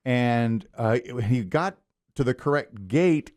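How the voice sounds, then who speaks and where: A man co-hosting a radio morning show, recounting a news story with wry deadpan asides. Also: mid-range voice, slow, no echo. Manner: dry, wry deadpan quips. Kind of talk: casual chat.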